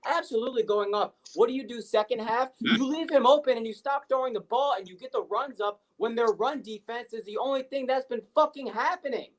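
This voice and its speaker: A man's voice: high-pitched, low-quality recording. Fired-up, profane man ranting. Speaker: podcast co-host. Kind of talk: heated sports rant.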